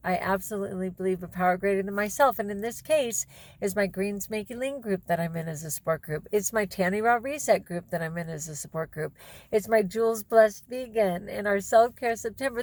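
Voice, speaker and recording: Casting note: middle-aged woman, animated chatty vlogger, dry close sound. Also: medium pitch, a little fast, dry recording. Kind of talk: casual chat to camera.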